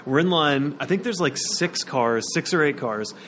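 A man's voice: a little high, animated, normal speed, a bit bright, a little hiss or hum. A young man in a casual podcast chat, telling an anecdote and giggling through it. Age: young adult.

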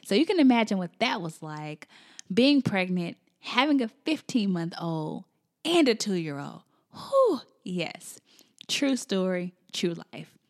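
A woman's voice: mid-range voice, very animated, slow pace. A woman in her thirties, a podcast host and business coach, telling a personal story in a chatty, emotional way and often calling her listeners y'all.

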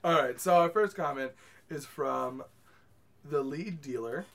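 A man's voice: a little high, unhurried, vocal fry, a bit bright. Giggly podcast host guy. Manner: laughs often, reads comments aloud. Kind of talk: casual podcast chat.

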